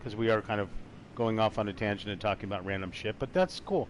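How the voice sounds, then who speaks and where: A man's voice: fairly low pitch, quick pace, very noisy. A man hosting a casual gaming talk show, rambling and trailing off as he talks. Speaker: podcast host. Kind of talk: casual chat while gaming.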